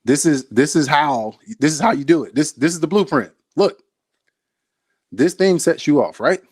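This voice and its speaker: A man's voice: on the high side, lively intonation, moderate pace, husky, no room sound. A man, a soldier, giving a motivational talk to camera, speaking straight to the viewer with emphatic repeated phrases.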